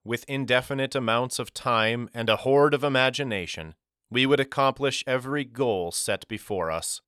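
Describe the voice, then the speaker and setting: A man reading a novel aloud as a narrator, in a measured, reflective storytelling manner. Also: mid-range voice, a bit bright, smooth, dry recording, studio quality. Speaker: audiobook narrator. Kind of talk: scripted first-person narration.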